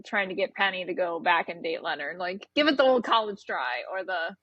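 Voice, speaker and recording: A woman's voice: on the low side, animated, brisk, fairly bright tone, no room sound, dull audio. A woman co-hosting a casual chat about a TV episode, giggling and chatty. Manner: chatty, giggly, many "like" fillers. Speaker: podcast co-host.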